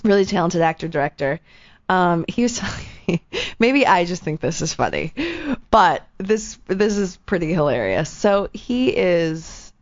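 A woman's voice: fairly low pitch, a little slow. A woman co-hosting a casual morning radio talk show, telling stories with lots of energy. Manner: animated storyteller, acts out quoted voices. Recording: muffled lo-fi radio audio.

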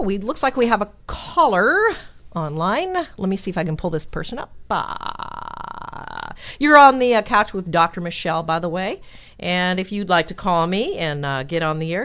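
A woman's voice: mid-range voice, moderate pace. Chatty woman hosting a call-in show. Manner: chatty and animated, laughs at own jokes. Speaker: radio call-in show host. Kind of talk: casual call-in advice talk.

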